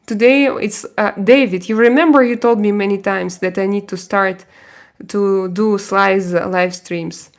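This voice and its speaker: A woman with a Russian accent, hosting a casual live stream and answering viewer comments. She talks haltingly, with many fillers and frequent laughs. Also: medium pitch, fairly even intonation.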